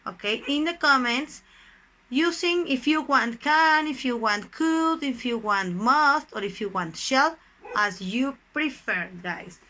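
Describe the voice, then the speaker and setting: Woman teacher, somewhat high voice, slow and deliberate, leans hard on key words. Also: lively intonation, sharp tone. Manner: keeps addressing the class as "guys". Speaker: English teacher. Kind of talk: recorded online English lesson.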